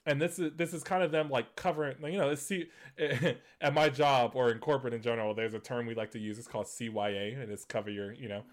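A man hosts a gaming news show in loose, conversational commentary. He talks in a mid-pitched voice, full of fillers and restarts. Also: fairly even intonation, fast, few pauses. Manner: conversational, many fillers and restarts, laughs at points. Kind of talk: casual commentary.

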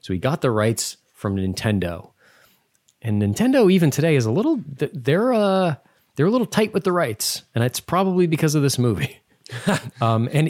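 A man's voice: medium pitch, a little mellow, no echo, clean studio sound. A man co-hosting a podcast in casual chat, rambling loosely and laughing often. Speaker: podcast co-host.

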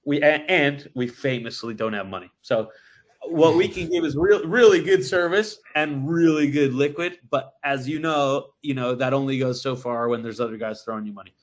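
Man, brewery guest, casual podcast chat, animated storytelling, lots of swearing. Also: mid-range voice, normal speed.

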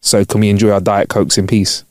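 A man's voice: on the low side, flat delivery, fairly quick, a little mellow, no echo, studio quality. A man co-hosting a podcast, chatting casually with slangy banter. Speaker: podcast co-host. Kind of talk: casual chat.

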